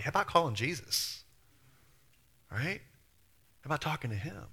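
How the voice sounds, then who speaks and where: A man pastor delivers a sermon in a very bright, forward voice. He keeps it conversational, throws rhetorical questions at the congregation and slips into little acted-out quotes. His pitch sits in an ordinary middle range. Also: animated, moderate pace, pauses often, slightly rough.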